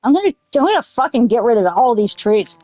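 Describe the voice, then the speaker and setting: High-voiced woman gaming, swings up and down a lot, cursing at the game and going off on goofy tangents. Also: big pitch swings, brisk, dark tone, no echo. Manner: swears a lot, blurts angry outbursts at the game; rambling, drifts into silly riffs. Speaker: gaming streamer. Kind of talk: casual let's-play chat.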